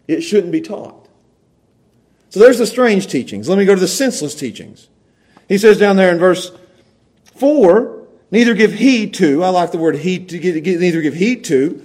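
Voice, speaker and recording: A man preaching a conversational sermon to his church, repeating words and restarting phrases for emphasis. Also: high-pitched. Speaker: pastor.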